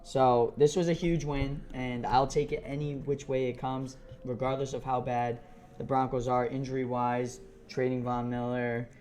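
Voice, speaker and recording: A man on a sports podcast talks football in easy, joking banter, cursing now and then. His voice sits at an ordinary pitch. A faint studio ambience runs underneath. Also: little pitch movement, moderate pace, a little mellow, a little hiss or hum. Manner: profane, joking fan banter. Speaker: podcast co-host. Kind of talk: casual sports chat.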